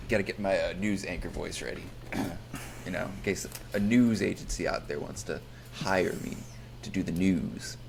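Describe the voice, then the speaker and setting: A man's voice: low voice, unhurried, vocal fry, pauses often, a little hiss or hum. A young man co-hosting a podcast, joking casually and swearing often. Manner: laid-back, profane, laughs a lot. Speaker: podcast co-host. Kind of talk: casual chat.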